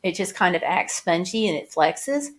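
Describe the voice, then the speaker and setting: A woman's voice: on the low side, expressive. Chatty woman walking through flood photos. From United States. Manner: chatty, halting, many restarts and fillers. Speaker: vlogger showing flood damage. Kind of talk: casual chat over photos.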